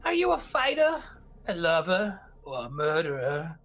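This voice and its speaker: A man's voice: a little high, wildly swooping pitch, unhurried, fairly bright tone, heavily acted. A man voicing a scheming male goblin slave buyer with a silky, leering manner.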